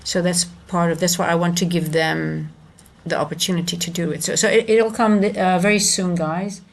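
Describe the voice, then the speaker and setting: Gravelly-voiced woman streaming, halting chat. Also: lowish voice, fairly even intonation. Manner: rambling, halting, many restarts and fillers. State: moved and emotional. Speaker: futures trader and coach streaming live. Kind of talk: casual live-stream chat.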